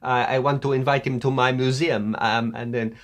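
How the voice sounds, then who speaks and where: Brief: man playing a smitten young Italian woman, accented, halting. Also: medium pitch, steady tone, a bit bright, lightly acted. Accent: Italian (put on).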